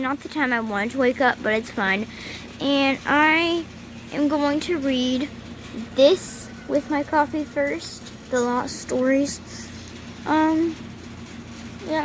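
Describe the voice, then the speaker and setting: Teen girl, high voice, excited chatter, whispers at times, bedroom vlog, faint hiss behind. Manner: gushing, often whispers, many "oh my gosh". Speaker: book vlogger. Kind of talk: casual vlog. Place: at home, in her bedroom.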